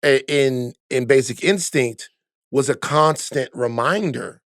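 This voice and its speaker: Measured man reflecting on a movie. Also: medium pitch, a bit bright, no room sound, clean studio sound. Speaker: podcast co-host. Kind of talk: casual movie podcast chat.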